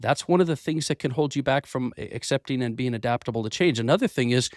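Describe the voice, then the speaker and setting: Speaking fast at a medium pitch, a podcast host delivers earnest business motivation from his office. His voice shows a little wear from having lost it, and he restarts phrases, repeating words along the way. The recording is dry and studio quality.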